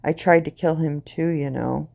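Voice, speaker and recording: Brief: subdued young male soldier, dark and low; a woman storyteller voices him. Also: fairly even intonation, normal speed, gravelly. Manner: quiet and subdued.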